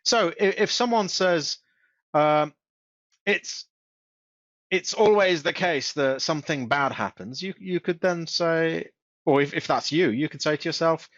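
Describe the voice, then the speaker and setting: Man giving a halting self-help webinar. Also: fairly high pitch, a bit bright, no room sound. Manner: halting, repeats words and restarts often. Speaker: webinar presenter. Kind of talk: casual instructional webinar. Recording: dull, dry close-mic recording.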